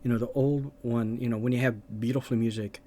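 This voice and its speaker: A man's voice: mid-range voice, steady tone, fairly quick, mellow, slight background noise. A man making gaming videos, ranting casually and rambling, with lots of hesitations and restarts.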